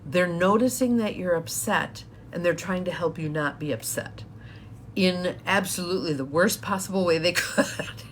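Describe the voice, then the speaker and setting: A woman with a somewhat low voice talks through a live-streamed coaching session. She is chatty and laughs often as she speaks to her viewers. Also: moderate pace, slight background noise. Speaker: empowerment coach.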